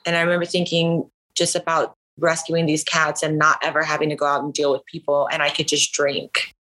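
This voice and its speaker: A woman from Northern California tells a personal story as a podcast guest, chatty and quick to laugh, her talk full of "like" fillers. Her voice sits low with a flat delivery, a little fast, pushed and bright. The audio quality is poor.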